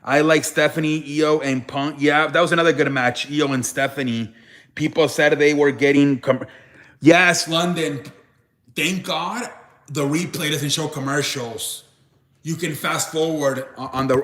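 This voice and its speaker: A young man talks through a casual live stream, rambling and tripping over his restarts as he answers chat. His voice sits a bit high for a man, and the room around him rings with echo. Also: unhurried, a bit bright. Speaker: live show host. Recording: echoey room.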